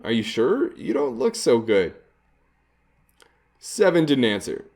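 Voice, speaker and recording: A man's voice: mid-range voice, huge pitch swings, measured pace, creaky, darkish tone. A man hosting a let's play, reading the game text aloud with casual, chuckling asides. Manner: casual, chuckling asides between read lines.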